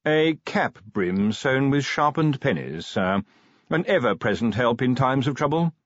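A man's voice: mid-range voice, lively intonation, a little slow, no echo, voice pushed up. Prim polite butler guy, a man doing the voice, storybook reading, dry dull sound. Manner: formal, deferential, polite. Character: prim, smooth-spoken male butler, middle-aged.

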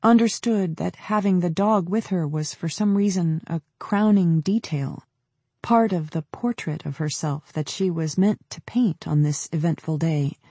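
A man narrating an audiobook in a measured, descriptive storytelling manner. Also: on the high side, mellow, slightly rough, no echo. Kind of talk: scripted narration.

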